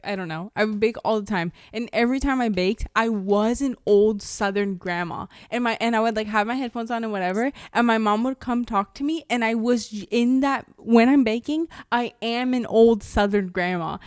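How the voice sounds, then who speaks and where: A woman co-hosting a casual podcast, her voice sitting a little high. She is playful and riffs freely, with giggles breaking in. Her voice is recorded close and dry. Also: fairly quick, few pauses, no room sound. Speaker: podcast co-host. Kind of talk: casual chat.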